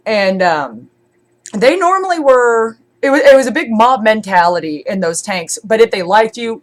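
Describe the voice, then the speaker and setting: A congested woman streamer chatting casually, rambling with many fillers and restarts. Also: mid-range voice. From born in Scotland, raised in Germany. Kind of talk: casual chat.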